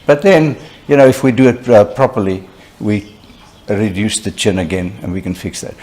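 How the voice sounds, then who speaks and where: Older man giving an animated lecture. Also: on the low side, moderate pace. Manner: conversational, animated storyteller with frequent "you know" asides. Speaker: surgeon lecturing at a conference. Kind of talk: conference lecture with anecdotes.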